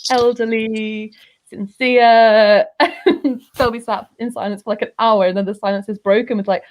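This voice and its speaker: A woman on a video call, guest on a podcast, telling an anecdote in animated, giggly casual chat. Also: on the high side, moderate pace.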